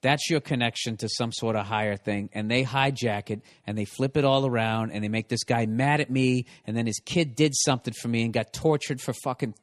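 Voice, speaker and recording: A man's voice: medium pitch, fairly even intonation, fairly quick, hardly any pauses, dry recording, clean studio sound. A man hosting a podcast, ranting profanely and emphatically in casual comedic chat. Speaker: podcast host.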